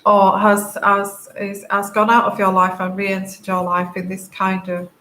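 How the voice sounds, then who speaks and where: A woman giving a tarot reading to camera, tearful and crying, talking haltingly with many fillers and restarts. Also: medium pitch, monotone, bright, forceful tone. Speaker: tarot reader. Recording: echoey room, faint background noise.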